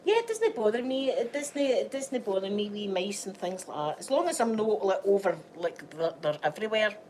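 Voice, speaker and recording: Very animated and a bit mellow, her mid-range voice moves at a normal speed over slight background noise. She's a Scottish woman, sick, rambling chattily in a home vlog and often laughing.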